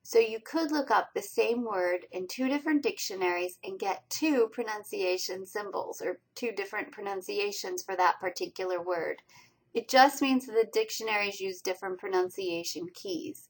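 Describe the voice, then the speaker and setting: A woman teaching a college reading class, talking through slides step by step and asking students questions as she goes. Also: medium pitch. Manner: patient, step-by-step explaining with quiz questions to students. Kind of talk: recorded slideshow lecture.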